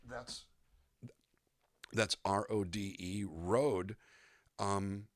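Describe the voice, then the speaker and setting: A man's voice: lowish voice, very slow, no echo, studio quality. A man who works as a voice actor and musician, talking in an interview and demonstrating line readings. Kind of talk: conversational interview.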